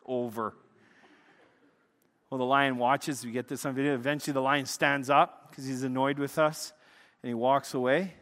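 A middle-aged man preaching a sermon, telling stories in an animated way that swings between loud excitement and hushed intensity. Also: a little high, moderate pace. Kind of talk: sermon with storytelling. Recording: long reverb of a large hall.

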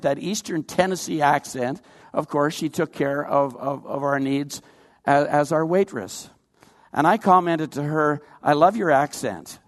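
Older man preaching in a reverberant hall. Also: a little high. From Canada. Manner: earnest, folksy preaching with personal stories. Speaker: pastor. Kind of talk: sermon.

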